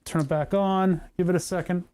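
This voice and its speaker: Tinkering away on a hardware project live, this man talks to chat in a rambling, joking manner. His high voice holds a steady, darkish tone and moves a little fast.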